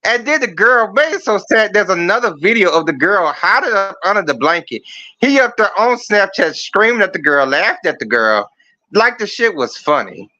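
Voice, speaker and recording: A man's voice: high-pitched, very animated, moderate pace, sharp tone. A man calling in with a profane, mocking comedic rant, telling stories about a scandal. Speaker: caller. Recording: dull lo-fi dry sound.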